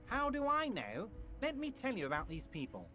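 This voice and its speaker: An actor voicing a jovial, scheming male union boss in a video game, talking in an oily, flattering, folksy way. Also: very high voice, moderate pace, soft background music, exaggerated voice. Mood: schmoozing.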